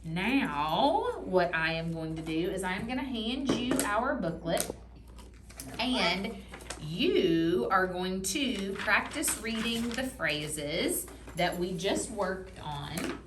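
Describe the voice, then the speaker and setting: Encouraging woman teacher sounding out words slow, roomy classroom, noisy background. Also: mid-range voice, lively intonation. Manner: patient, encouraging, models words slowly. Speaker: reading teacher. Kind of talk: one-on-one phonics lesson.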